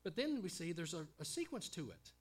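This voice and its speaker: A man's voice: fairly high pitch, big pitch swings, brisk, slightly rough. A man preaching a sermon in an earnest teaching tone, often repeating words and stopping with fillers.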